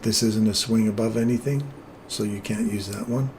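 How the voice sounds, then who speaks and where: A man hosting a live trading stream, explaining chart entries in a relaxed, jokey way. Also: lowish voice, moderate pace, slight background noise. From England.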